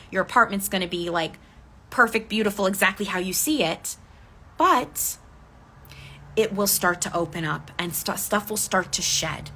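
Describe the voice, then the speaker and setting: A woman speaking as a decluttering coach in a live coaching talk, gently guiding listeners through reflection and answering their comments. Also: mid-range voice, slight background noise. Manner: gentle, inviting, reads viewer comments aloud.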